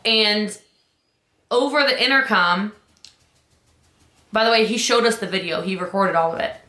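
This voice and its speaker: Emphatic woman coach with a bright voice. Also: normal speed, echoey room. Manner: emphatic, urgent, rises high on key points. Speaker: business coach. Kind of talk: motivational talk.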